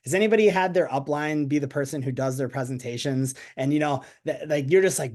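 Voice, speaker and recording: An energetic man speaks on a video call, leading a team meeting in a chatty, upbeat way. His voice sits a little high for a man. He keeps asking his listeners to answer in the chat. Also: moderate pace. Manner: energetic, chatty, asks the audience. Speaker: network marketing team leader. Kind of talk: motivational team call talk.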